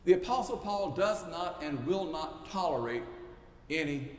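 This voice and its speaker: A man's voice: on the high side, animated, a little slow. A male pastor preaching a sermon with emphatic, repetitive rhetorical build-ups. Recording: echoey church hall, faint noise.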